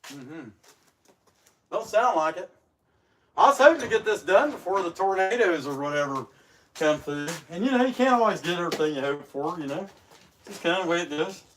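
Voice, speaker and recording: A man chatting casually during a livestream as he works, his voice slightly rough from a recent illness, rambling and folksy. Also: high voice, animated, brisk, long pauses, a bit bright, slight background noise. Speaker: chainsaw carver hosting a livestream. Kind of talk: casual livestream chat while working.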